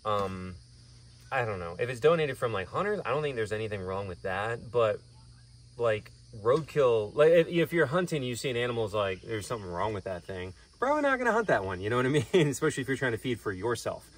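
A man's voice: medium pitch, fairly quick, distant mic. A young man who keeps an animal sanctuary, chatting casually in a vlog and rambling with lots of fillers, recorded outdoors. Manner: relaxed, rambling with many fillers.

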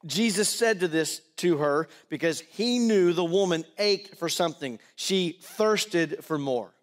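A middle-aged man preaching a sermon as pastor, moving between loud pleading and quiet, personal storytelling. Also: fairly high pitch, lively intonation, a little slow.

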